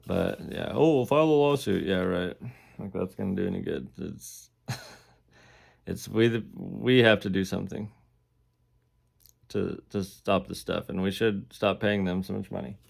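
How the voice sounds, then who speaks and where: A man's voice: low-pitched, steady tone, a little slow, gravelly, pauses often. A man telling his own story in a casual, indignant way, laughing between lines. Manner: indignant, laughs between lines, acts out the quoted officers in a raised voice. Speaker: defendant recounting his jail experience. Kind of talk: casual first-person storytelling.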